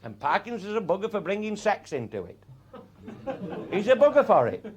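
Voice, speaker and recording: Man, comic yarn-spinner, salty language, high bouncy voice. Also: very animated, a little fast, breathy edge. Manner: earthy, peppered with swearing, chuckles through punchlines. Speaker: raconteur. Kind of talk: comic anecdote storytelling.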